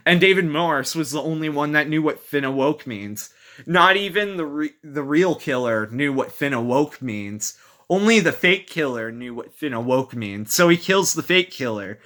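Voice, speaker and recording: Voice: medium pitch, expressive, normal speed, fairly bright tone. A movie reviewer talking casually and rambling with amusement through the plot, full of fillers and acted-out quotes.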